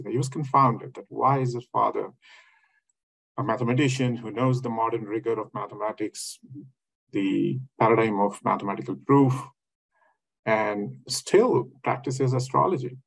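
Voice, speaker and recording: A man's voice: fairly low pitch, creaky, slightly rough, rough recording. A man giving a webinar lecture over a video call, thinking aloud with many fillers and restarts. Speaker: academic speaker.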